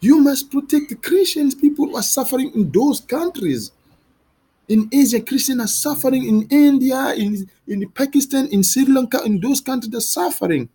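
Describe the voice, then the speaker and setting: A man delivering an impassioned monologue to camera, pleading and questioning with halting restarts and repeated words. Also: extremely high pitch, animated, mellow, breathy edge. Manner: heated, pleading, repetitive questioning.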